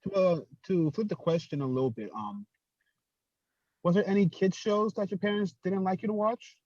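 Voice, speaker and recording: Halting man on a dull, dry recording. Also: high-pitched, darkish tone, no echo. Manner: halting, repeats words while searching for them. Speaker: podcast panelist. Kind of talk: casual panel chat.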